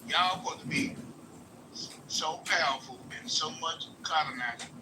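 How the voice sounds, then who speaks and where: A man tells loose, slangy stories on a live stream and acts out the lines of other people. His voice sits high. Clear background noise runs under the stream audio. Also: moderate pace. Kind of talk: profane casual live-stream chat.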